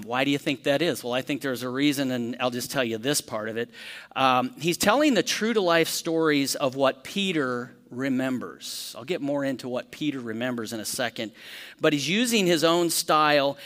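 A man teaching a Bible study as pastor, talking conversationally, asking the room questions and acting out quick lively storytelling examples. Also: mid-range voice, long reverb tail.

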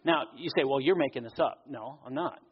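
A man's voice: medium pitch, husky. Earnest male pastor in a reverberant hall. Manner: earnest preaching, with pauses and slowed emphasis. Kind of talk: sermon. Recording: dull audio with long hall reverb.

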